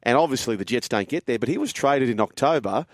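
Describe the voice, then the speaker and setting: A man's voice: mid-range voice, expressive, fast, no room sound, clean studio sound. A man on sports radio, telling a story with punchy asides. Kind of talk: casual sports chat.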